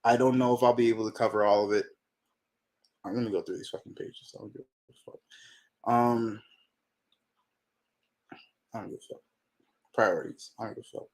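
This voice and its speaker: Profane excitable man reacting aloud. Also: lowish voice, normal speed, pauses often. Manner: profane, excitable, talks to himself while reading. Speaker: manga reaction channel host. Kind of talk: casual reaction commentary.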